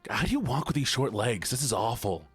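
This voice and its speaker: A husky-voiced man talks briskly and animatedly to his live-stream viewers over soft background music. The casual chat is playful and teasing, and he squeals high whenever he plays at being upset.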